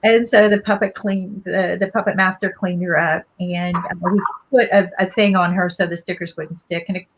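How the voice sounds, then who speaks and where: A woman's voice: fairly low pitch, fairly even intonation, moderate pace, background noise. A middle-aged woman co-hosting a podcast, telling stories in a reflective, conversational way and often checking in with listeners. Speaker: podcast co-host. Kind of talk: casual podcast talk.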